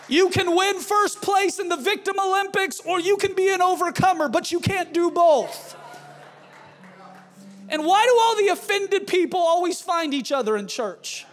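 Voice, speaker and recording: High-pitched, fiery male pastor. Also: moderate pace, hardly any pauses, some chatter behind. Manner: forceful preaching, shouted emphatic refrains. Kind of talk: fiery sermon.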